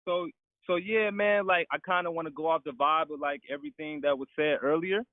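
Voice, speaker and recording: Quick-talking detroit guy calling in, tinny phone sound, laid-back. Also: a little high, fairly even intonation, no echo. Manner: quick, laid-back, lots of filler phrases. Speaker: caller. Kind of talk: casual call-in chat.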